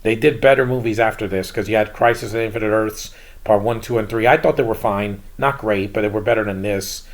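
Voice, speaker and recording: Male vlogger, slightly low voice, loose rambling delivery, frank opinions. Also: fairly even intonation, brisk. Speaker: YouTube movie reviewer. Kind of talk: casual solo review.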